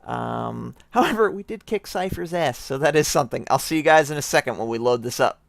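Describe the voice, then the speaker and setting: A man's voice: medium pitch, animated, fairly quick, creaky, no room sound. A tipsy man hosting a let's play, rambling with joking asides in casual gameplay commentary on a close mic that pops. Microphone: close mic with popping.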